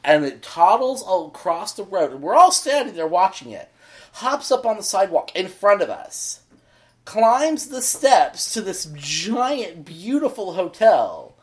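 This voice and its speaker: A man co-hosting a casual podcast chat, telling stories in an animated way and acting out characters' lines. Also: high voice, measured pace, a little hiss or hum. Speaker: podcast co-host.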